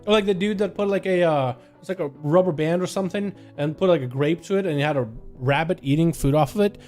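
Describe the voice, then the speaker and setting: Slangy, laid-back streamer man, higher voice. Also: quick pace, a little mellow, faint music behind. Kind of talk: live game commentary and casual chat with viewers.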